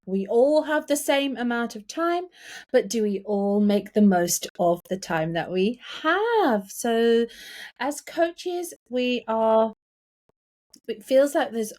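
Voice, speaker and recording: A woman co-hosting a casual coaching podcast, playful and quick to laugh. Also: fairly high pitch, lively intonation, darkish tone. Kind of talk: casual chat.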